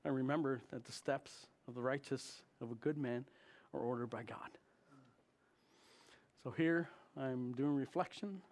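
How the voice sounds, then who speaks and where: A man who is a chaplain, telling a story of his trip to a congregation in an animated way and acting out the dialogue. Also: unhurried. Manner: animated, acts out dialogue with big jumps in pitch and volume. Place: church.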